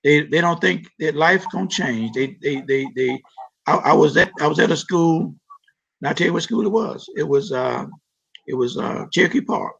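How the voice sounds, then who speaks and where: A man with a raised, gravelly voice and a husky edge, talking about his community in an earnest, emphatic way. He often repeats words as he pushes a point. The audio is dull and lo-fi, like a live stream. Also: fairly high pitch, animated, moderate pace, fairly bright tone. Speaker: city council member guest. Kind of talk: interview answers about community issues.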